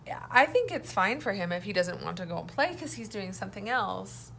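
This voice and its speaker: A woman teaching an early-reading phonics lesson, speaking slowly and clearly and prompting children to repeat words after her. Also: medium pitch, sing-song, a bit bright, a little hiss or hum. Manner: slow, clear, encouraging teacher talk with call-and-response prompts.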